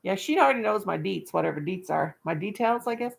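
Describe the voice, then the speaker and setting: A woman's voice: medium pitch, lively intonation, fast talker, creaky, few pauses. A woman chatting casually on her livestream, folksy and talkative, breaking into baby talk to her dog now and then. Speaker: livestream vlogger.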